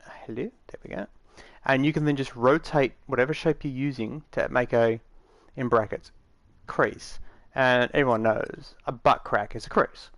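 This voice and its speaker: A man's voice: mid-range voice, fairly even intonation, moderate pace, few pauses, fairly bright tone, no room sound. A man giving a casual, rambling tutorial, matter-of-fact and full of fillers, recorded dry on a close mic. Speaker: game tutorial maker.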